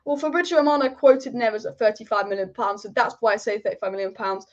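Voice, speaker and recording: A woman with a high voice hosts a live football stream. She rambles with strong opinions and repeats her points for emphasis, and the audio is dull and lo-fi. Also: steady tone, fast talker. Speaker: football channel host. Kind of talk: live-stream football chat reading viewer comments.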